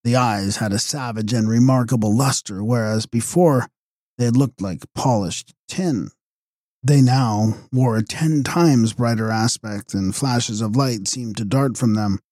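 Mellow, husky male audiobook narrator. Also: mid-range voice, unhurried, no room sound, clean studio sound. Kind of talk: scripted narration of a gothic novel.

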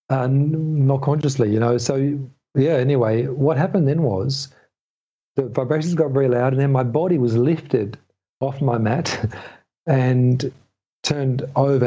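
Middle-aged male guest, mellow and husky, rambling storyteller, dull lo-fi audio. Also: mid-range voice. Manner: rambling, halting, many restarts. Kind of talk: storytelling in a podcast interview.

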